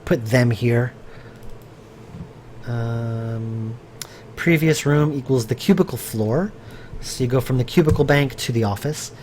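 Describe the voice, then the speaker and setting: A game developer streams himself working, speaking in a darkish mid-range voice at a measured pace broken by long pauses. His talk is casual and rambling, thinking aloud with fillers and restarts as he answers chat, with slight background noise.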